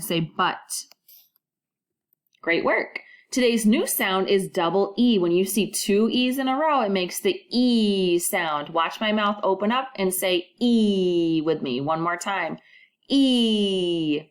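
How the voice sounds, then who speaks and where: A woman teaching a recorded first-grade phonics lesson, modeling sounds clearly and prompting children to repeat after her. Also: mid-range voice, lively intonation, unhurried.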